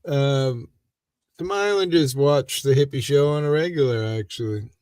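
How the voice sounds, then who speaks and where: A man's voice: medium pitch, normal speed, a little mellow, a little hiss or hum. A man from the USA hosting a casual livestream, laid-back and answering in short replies. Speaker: livestream host. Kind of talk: casual chat.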